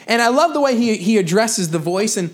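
A man's voice: sits high, lively intonation, brisk. A young adult man preaching a sermon in a casual storytelling manner, with humorous asides and personal confessions. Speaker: pastor.

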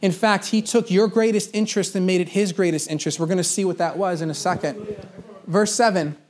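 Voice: mid-range voice, fairly even intonation, fairly quick, darkish tone. A pastor preaching a sermon in a conversational way, repeating key phrases for emphasis.

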